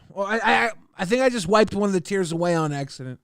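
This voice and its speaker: Gravelly high-voiced man streaming. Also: lively intonation, a bit bright, no room sound, studio quality. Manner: joking, drawn-out hype announcements. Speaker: livestream host. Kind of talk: casual livestream chat, reading viewer messages.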